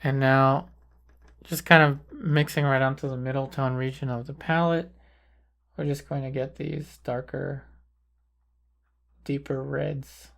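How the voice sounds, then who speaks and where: A man calmly talking through a portrait painting tutorial, thinking aloud as he paints. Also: medium pitch, vocal fry. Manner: calm, unhurried, thinking aloud while painting. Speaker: painting instructor. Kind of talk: relaxed painting tutorial narration.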